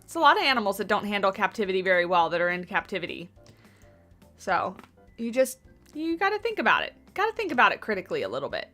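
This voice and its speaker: Her pitch swoops wildly as she talks fast in a sharp, medium-pitched voice, with soft music playing behind. She's livestreaming a game build from home, chatty and rambling, talking to her chat through a USB desktop mic on a boom arm.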